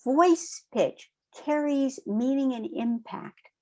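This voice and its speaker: Slow, measured woman trainer. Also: high voice. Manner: calm, measured, repeats "right?" to check in. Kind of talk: recorded online training lecture.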